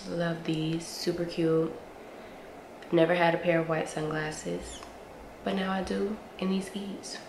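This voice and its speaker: A woman's voice: on the low side, level tone. A woman, gushing playfully to camera in a casual haul review, a bit sniffly from allergies. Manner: gushing, playful, drawn-out hums and slangy asides. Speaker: beauty and fashion vlogger. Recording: roomy echo with faint ambient noise.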